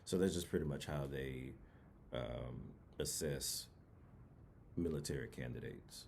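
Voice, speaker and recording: A man's voice: a bass voice, measured pace, creaky, darkish tone, slight background noise. A young man from New Orleans casually telling a personal story in a rambling, laid-back way with many fillers.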